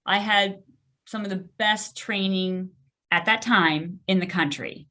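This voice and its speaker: A middle-aged woman, a podiatrist guest on a podcast, telling a candid story in an animated, self-deprecating way and laughing often. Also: mid-range voice, takes it slowly.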